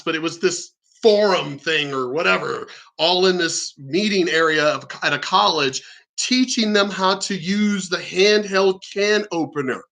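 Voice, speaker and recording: A forceful, slightly high-pitched man rants straight to his audience. His delivery is blunt, profane and combative, drifting between stories and complaints. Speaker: vlogger. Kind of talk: ranting storytelling monologue.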